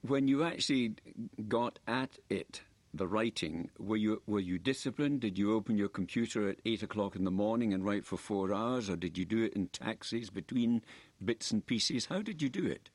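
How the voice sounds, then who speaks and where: Older radio host with long questions. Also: male voice, on the low side, lively intonation, moderate pace, no echo. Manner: probing, asks long multi-part questions. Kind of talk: radio interview.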